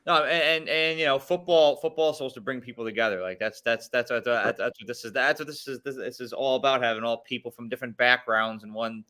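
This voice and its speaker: A man hosting a casual sports watch-along, excitable and joking, with lots of filler words and stammered starts. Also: medium pitch, quick pace, few pauses. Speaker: host.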